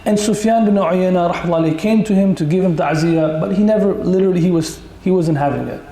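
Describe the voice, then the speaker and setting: High-voiced, conversational male Quran teacher. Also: fast talker, warm tone. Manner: conversational, joking with the audience. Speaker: Islamic teacher. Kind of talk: Quran lesson with stories. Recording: echoey room.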